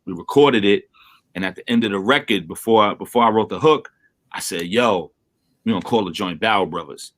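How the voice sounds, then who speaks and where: A man from Brooklyn, a rapper being interviewed over a remote call, telling stories in a casual, animated way and acting out quotes. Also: normal speed. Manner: animated storyteller, acts out quotes with big pitch jumps. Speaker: rapper guest.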